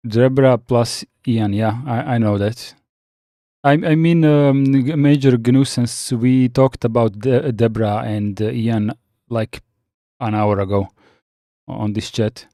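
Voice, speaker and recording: A man chatting casually on a live stream, reading out viewer comments and answering with frequent pauses and restarts. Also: mid-range voice, fairly even intonation, dark tone, dry recording, studio quality. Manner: halting, many fillers and restarts, reads chat aloud.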